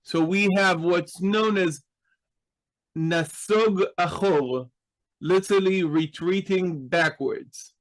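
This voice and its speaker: A man's voice: high voice, slow, fairly bright tone, poor audio. A man teaching a Hebrew grammar class, explaining patiently and checking in with his students.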